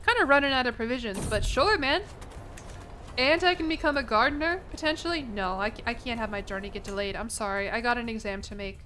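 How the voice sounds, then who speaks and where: A woman's voice: a little high, fairly quick, faint music behind. A young woman streaming a game, cursing freely and joking at her own expense. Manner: profane, self-mocking, excitable. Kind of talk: casual gameplay commentary.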